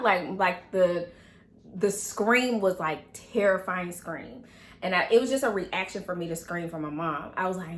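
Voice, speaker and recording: A woman in her twenties telling a personal story in an animated way, acting out quoted dialogue with many fillers. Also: on the low side, moderate pace. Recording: echoey room.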